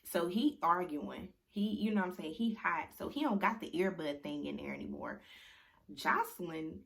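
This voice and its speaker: A young woman in casual chat, recapping reality TV in a slangy, animated storytelling way, full of "like" and "you know". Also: lowish voice, moderate pace, gravelly.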